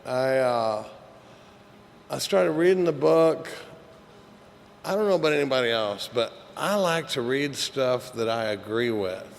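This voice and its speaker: A man's voice: mid-range voice, lively intonation, measured pace, creaky, pauses often. Profane, joking man in a hall. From Texas. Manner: candid, joking, profane, rambling with many fillers. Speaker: AA speaker. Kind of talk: recovery meeting talk. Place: meeting hall. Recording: echoey hall recording with faint hiss.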